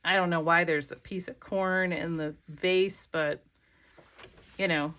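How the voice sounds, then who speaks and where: A woman's voice: on the low side, steady tone, slow pace, fairly bright tone. A woman craft vlogger chatting casually as she flips through her pages, rambling and gushing over favorites. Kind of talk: casual flip-through commentary. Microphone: desk camera.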